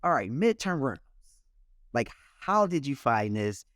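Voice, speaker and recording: A man's voice: mid-range voice, sing-song, a little slow, fairly bright tone, dry recording, clean studio sound. A man from California hosting a casual podcast, easygoing and repeating himself as he asks questions. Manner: laid-back, repeats words, says man and right. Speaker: podcast host.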